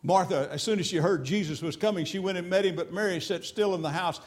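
An older man preaching a sermon, fervent and repetitive, swinging between emphatic peaks and quiet storytelling. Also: sits high, fast, few pauses.

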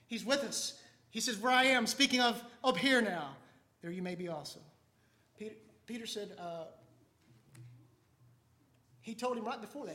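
High bright guy preaching a fiery sermon, echoey room. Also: slight background noise. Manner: fervent preaching that swells from hushed to loud.

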